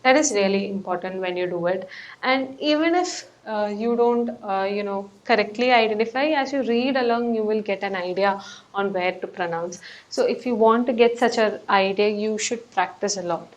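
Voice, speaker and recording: A woman's voice: mid-range voice, moderate pace, dull audio. A woman coaching test preparation, explaining word stress in an unscripted way, with fillers and rephrasing. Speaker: PTE coach. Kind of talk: English lesson explanation.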